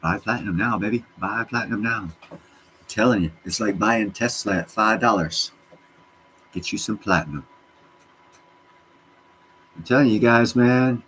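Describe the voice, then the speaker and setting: A man with a very low voice hosts a casual livestream, answering viewers' comments. He rambles from one subject to the next and gets worked up, with plenty of swearing. A faint hiss sits under his voice. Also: moderate pace, long pauses, rough recording. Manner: profane, excitable, jumps between topics. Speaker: livestream host answering chat.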